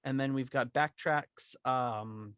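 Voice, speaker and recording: A man's voice: mid-range voice, slow, a bit bright, clean tone, dry recording. A man co-hosting a podcast in easygoing chat, rambling with many restarts. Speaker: podcast co-host.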